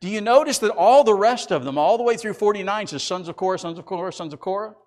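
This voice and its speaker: A middle-aged male pastor preaching a sermon and reading scripture aloud, swinging between loud emphatic lines and quiet low passages. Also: lively intonation, fast talker.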